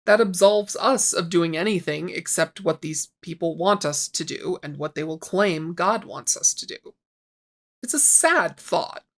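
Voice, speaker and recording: A woman in her forties hosting a scripted book critique, wry and sarcastic, getting worked up as she talks. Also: on the low side. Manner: sarcastic, wry, gets heated. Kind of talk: scripted commentary with read excerpts.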